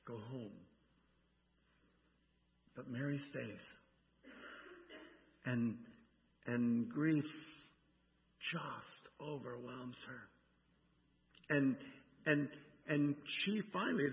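A male pastor preaches a conversational sermon, frequently asking "right?" and acting out the lines he quotes. His voice is on the high side with vocal fry, and the recording sounds dull with long hall reverb.

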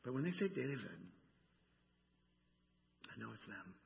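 A male pastor gives a conversational sermon with a gravelly, mid-pitched voice. He keeps checking in with the listeners and acts out the lines he quotes. The sound is dull and rings with a long hall reverb. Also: sing-song, unhurried, slight background noise.

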